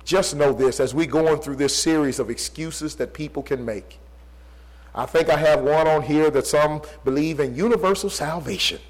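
A man preaching a sermon, repeating rhetorical questions, swinging between loud emphatic pleas and low, quiet passages. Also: moderate pace, poor audio.

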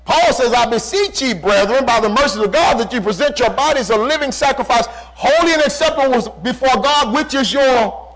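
High-voiced preacher with dramatic swings. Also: male voice, lively intonation, a bit bright, rough recording. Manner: preaching with dramatic swings in volume and slow, drawn-out emphasis; repeats key phrases for emphasis. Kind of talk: sermon.

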